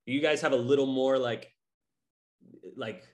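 A man's voice: medium pitch, steady tone, unhurried. A young man from New England, talking loosely in casual chat with lots of fillers.

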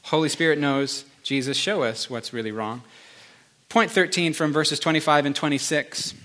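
A man's voice: a little high, moderate pace, a bit bright. A man preaching a sermon to a congregation in an earnest, emotional, conversational way. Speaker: pastor.

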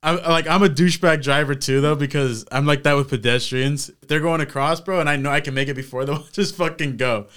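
A man's voice: fairly high pitch, brisk, hardly any pauses, smooth. Podcast co-host, man, twenties, resonant voice, laughs a lot, loose and profane. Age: 20s. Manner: laughs often, swears, animated storytelling. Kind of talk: casual chat.

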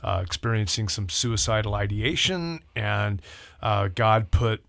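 An older man, a pastor, telling a personal story in casual talk, acting out voices with lively rising pitch. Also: a little slow, creaky, no echo. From Southern California. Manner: animated, acts out quoted voices with rising pitch.

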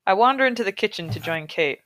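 A woman hosting a comedy podcast, reading a story aloud and breaking in with wry, deadpan asides. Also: mid-range voice, fast, no echo. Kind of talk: reading aloud with sarcastic commentary.

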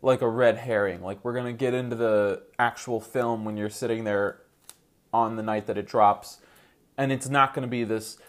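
A man co-hosting a podcast in a casual chat, hedging with "like" and trading quick jokes. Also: medium pitch, fairly even intonation. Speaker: podcast co-host.

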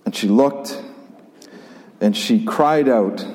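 A man preaching a sermon and reading scripture, reflective and conversational, pausing and repeating himself as he thinks aloud. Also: medium pitch, animated, warm tone. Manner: reflective, conversational, with pauses and repetitions. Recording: long hall reverb.

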